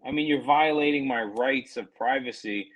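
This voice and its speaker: A man's voice: mid-range voice, moderate pace, slightly rough, lo-fi sound. A man co-hosting a casual podcast over a remote call, ranting with profanity and mocking quotes. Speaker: podcast co-host.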